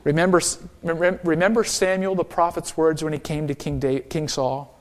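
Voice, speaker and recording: Un pastor de voz alta y aguda que predica un sermón con mucho énfasis. Alterna entre frases enérgicas y momentos más suaves, y pide a los oyentes que respondan "amén". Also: male voice, fairly high pitch, steady tone, normal speed. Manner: emphatic, calls for amen. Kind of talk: sermon.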